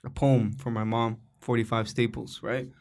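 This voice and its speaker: A man's voice: mid-range voice, flat delivery, moderate pace, darkish tone. A young Egyptian man hosting a podcast, talking in an emotional, rambling way with restarts. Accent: Egyptian Arabic. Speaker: podcast host and comedian. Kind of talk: casual podcast conversation.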